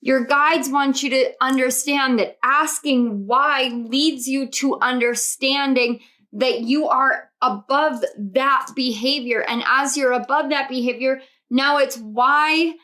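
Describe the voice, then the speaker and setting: Tarot reader, young adult woman; unhurried, earnest, circles back on her words, sits a bit high. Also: pushed and bright. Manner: earnest, reflective, repeats phrases. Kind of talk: intuitive tarot reading to camera.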